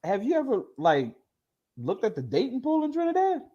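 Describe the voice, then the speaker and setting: A man's voice: very high-pitched, huge pitch swings, moderate pace, mellow. A man hosting a casual interview who laughs often and repeats words for emphasis. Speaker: host. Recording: dull lo-fi audio.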